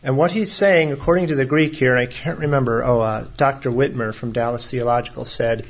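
A man's voice: medium pitch, fairly quick. Conversational male preacher, slightly muffled. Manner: conversational preaching with humorous asides. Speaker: pastor. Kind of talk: sermon.

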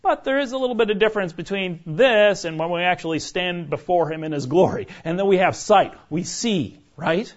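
A man's voice: high voice, animated, brisk, few pauses. A man teaching a conversational sermon, asking his listeners questions and checking in with "right?" as he goes. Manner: chatty, keeps asking the room "right?". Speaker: pastor teaching a Bible study. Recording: dull lo-fi recording.

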